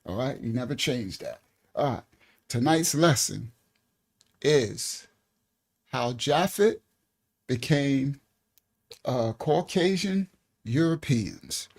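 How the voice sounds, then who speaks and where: A man's voice: medium pitch, vocal fry, a little mellow, husky. A man, leading a casual live-stream Bible lesson in a loose, chatty way. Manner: loose and chatty, frequent "all right" and laughs. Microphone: desk mic on a live stream.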